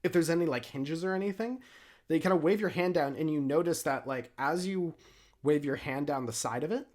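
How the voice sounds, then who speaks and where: A man's voice: fairly high pitch, fairly quick, darkish tone. A man running a tabletop game as dungeon master, describing scenes in a laid-back way with many fillers.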